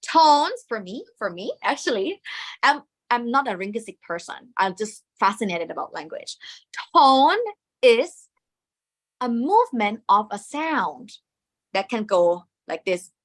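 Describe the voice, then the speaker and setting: A woman's voice: on the high side, sing-song, a little slow. A woman with a Thai accent teaching a lesson, patiently demonstrating the sounds aloud. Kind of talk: classroom lesson.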